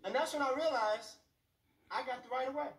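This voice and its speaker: With an extremely high pitch and a fairly quick delivery, a man performs stand-up in a club, bringing his stories to life with lots of voices. His animated set is heard from a distance in a roomy space with faint room noise.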